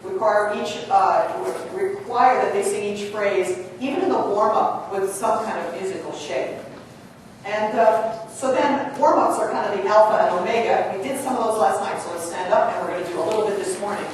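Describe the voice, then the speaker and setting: A woman leading a live choral workshop, energetic and chatty, coaching directors with frequent asides. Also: medium pitch, normal speed. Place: large conference hall. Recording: distant voice in a big echoing hall with room noise.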